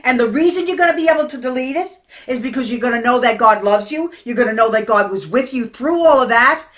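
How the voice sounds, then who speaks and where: An older woman minister giving a personal testimony sermon in an earnest, conversational way that drops into quiet, intimate tones. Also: on the high side, animated, quick pace.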